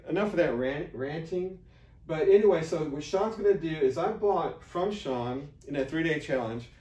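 A man's voice: a little high, a little mellow. A man talking to camera in an unscripted promotional vlog. He rambles, restarts often and shifts into a blunt pep-talk tone. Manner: rambling, full of fillers and restarts. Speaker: affiliate marketer. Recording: roomy, distant mic.

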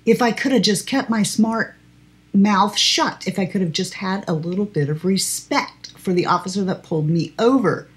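A woman in her sixties, a beauty vlogger chatting and laughing through a story while she does her makeup. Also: lowish voice. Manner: chatty, animated storyteller who laughs often.

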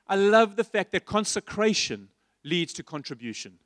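A man preaching a sermon as pastor, passionately asking the congregation repeated questions and dropping to quiet asides. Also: very animated, normal speed, no room sound, clean studio sound. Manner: shifts between loud emphasis and soft, low asides. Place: church stage.

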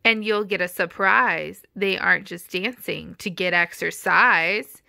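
A woman voicing a cheerful male cat guide in a children's storybook read-aloud, in a lively reading voice. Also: lowish voice, unhurried, creaky, dry recording, studio quality, heavily acted.

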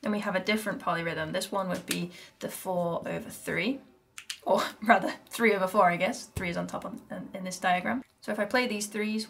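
A British woman teaching handpan rhythms, chatty and explanatory, who counts the beats out loud. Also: mid-range voice, steady tone, fairly quick, gravelly, background noise. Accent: British English. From Britain. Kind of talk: music lesson. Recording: music playing in background. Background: handpan music.

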